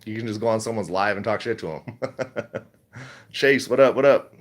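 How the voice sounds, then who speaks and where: A man's voice: fairly low pitch, moderate pace. A middle-aged man chatting casually on a livestream, reading chat, rambling and laughing often.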